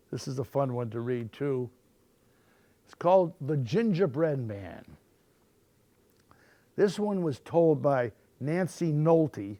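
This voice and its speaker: A man reads picture books aloud at storytime, his voice rising and falling with animated expression. He takes his time, with a gravelly texture in a close, dry recording. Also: medium pitch, dry recording. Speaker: storytime reader.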